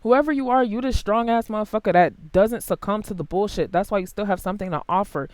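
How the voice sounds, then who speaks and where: A tarot reader giving a casual, blunt and heavily profane reading to camera, swinging between quiet asides and loud outbursts. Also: quick pace, dry recording. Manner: big jumps in pitch and loudness.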